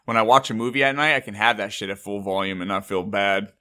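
A man hosting a casual podcast, laid-back and jokey, who mocks others in loud put-on voices. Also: fairly low pitch, quick pace. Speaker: podcast host.

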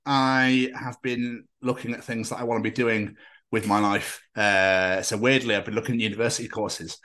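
A man's voice: lowish voice, steady tone, normal speed, fairly bright tone. A man rambling through a podcast chat, jokey and sweary. He drifts from one tangent to the next in a loose, playful way. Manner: rambling, jokey, sweary, puts on silly voices. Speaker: podcast co-host. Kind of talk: casual chat.

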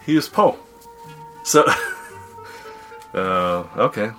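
Very low-voiced playful woman host. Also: expressive, drawn-out words, bright, forceful tone, soft background music. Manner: playful, jokey, laughs easily. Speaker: podcast host. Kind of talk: casual family podcast chat.

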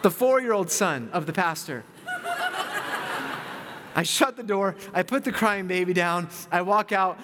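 A man in his thirties, a pastor, preaching a sermon and telling a personal story in a lively, self-mocking way. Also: high-pitched, unhurried, long pauses, a little hiss or hum. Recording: long reverb of a large hall.

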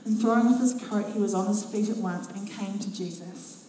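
A New woman preaches a sermon to her church, retelling Bible stories with animated, dramatic flair and acting out the quotes. Her voice is mellow and warm, medium-pitched, at a moderate pace. She's recorded from a distance in a very echoey church, with faint noise behind her.

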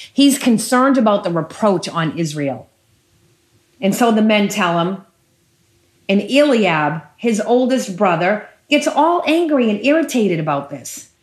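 A woman preacher retells a Bible story with animated, emphatic delivery and lots of repetition. Her voice sits at a middle pitch. The room adds a clear echo. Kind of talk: sermon. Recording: roomy echo.

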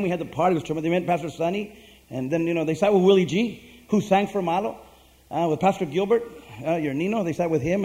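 A man's voice: on the high side, mellow. A man preaching in a loose, rambling storytelling way, with many fillers and restarts and acted-out quotes, speaking to his church. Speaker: pastor. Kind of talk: casual sermon storytelling.

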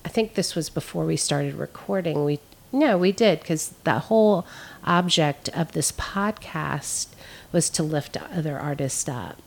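Woman guest, podcast interview: low, slow-paced voice, earnest and reflective, quick to laugh. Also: creaky, a little mellow. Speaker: photographer guest. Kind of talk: podcast conversation. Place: Savannah art community member.

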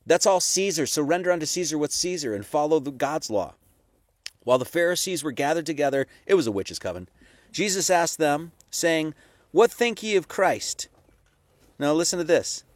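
A man's voice: on the high side, lively intonation, fairly quick, no room sound. A man giving a casual, conversational sermon, full of rhetorical questions and profane asides. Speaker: preacher.

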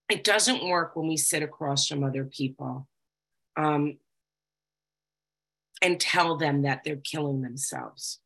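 A woman's voice: low voice, pushed and bright. A woman giving candid personal testimony to a group, talking conversationally with frequent fillers. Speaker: recovery group speaker.

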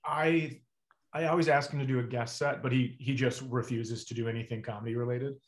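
A middle-aged man, a comedian, telling stories in a relaxed chat and acting out the dialogue. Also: mid-range voice, brisk. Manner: animated storyteller acting out dialogue. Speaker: comedian guest. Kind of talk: casual storytelling chat.

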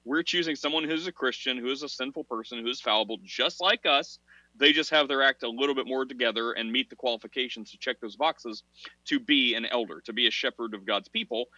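A man's voice: medium pitch, a little fast, bright, forceful tone, no echo. A man co-hosting a casual religious discussion podcast, talking in long rambling runs full of fillers and laughing at himself. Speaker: podcast co-host. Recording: dull, dry podcast audio.

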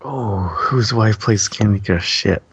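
A man's voice: on the low side, takes it slowly, fairly bright tone, husky, no room sound, muffled recording. A man playing a podcast guessing game, joking and wisecracking with the others. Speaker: podcast co-host, game player. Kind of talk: casual podcast chat.

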